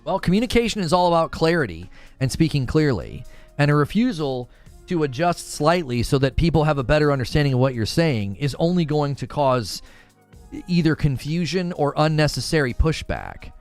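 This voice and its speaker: A man runs a casual gaming livestream and argues his case to chat with lots of energy, his pitch swinging up and down as he restarts sentences. His voice sits a little high for a man. Soft music plays faintly behind him. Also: moderate pace. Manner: animated, argumentative, restarts mid-sentence. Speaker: gaming commentator and show host.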